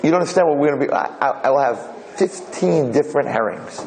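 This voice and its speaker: A man voicing an excitable herring-shop worker who gushes breathlessly about his trade. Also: fairly high pitch, quick pace, slight background noise, poor audio. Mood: excited.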